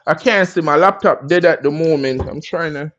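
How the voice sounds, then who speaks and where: A man's voice: fairly high pitch, normal speed, a bit bright, highs cut off. A Jamaican man hosting a casual livestream, talking in a laid-back, chatty way and often asking "you understand me?". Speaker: livestream host.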